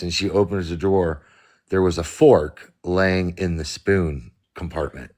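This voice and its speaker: A middle-aged man hosts a live stream, telling stories in casual chat and animatedly acting out both sides of arguments. His voice is low and a little slow.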